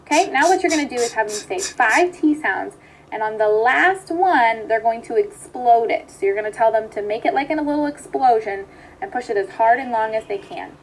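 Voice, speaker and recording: High-voiced woman teaching speech therapy. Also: animated, fairly quick, a little hiss or hum, rough recording. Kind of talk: instructional video lesson.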